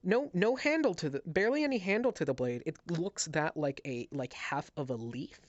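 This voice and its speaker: A man narrating as game master, describing scenes with halting restarts. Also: fairly high pitch, expressive, no echo, muffled recording. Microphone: headset.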